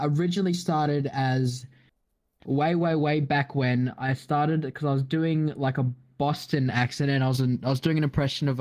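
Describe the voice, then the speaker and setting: A man's voice: mid-range voice, a little mellow. Offhand man rambling casually. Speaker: roleplay player, podcast guest. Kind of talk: casual podcast chat.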